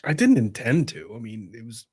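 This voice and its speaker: A man's voice: mid-range voice, huge pitch swings, moderate pace, slightly rough. A man hosting a casual online legal panel chat over a video call, wry and joking. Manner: wry, joking, talks to his dog in a soft voice. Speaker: show host.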